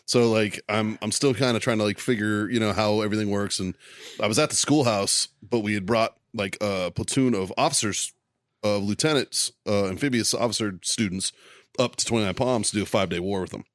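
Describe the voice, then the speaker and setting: A man's voice: fairly low pitch, a little fast, no echo, clean studio sound. A man co-hosting a podcast, telling a casual, profane war story and laughing at himself. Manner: laid-back, swears a lot, laughs at own story. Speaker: podcast co-host.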